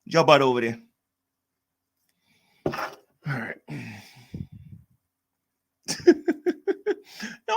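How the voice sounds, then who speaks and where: A man's voice: medium pitch, pushed and bright. A man hosting a casual livestream, rambling and repeating himself as he reacts to chat. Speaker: livestream host.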